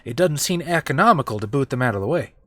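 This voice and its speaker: A man's voice: mid-range voice, animated, fast, pushed and bright. A man voicing a blunt, wary country man, talking in an earnest, homespun way.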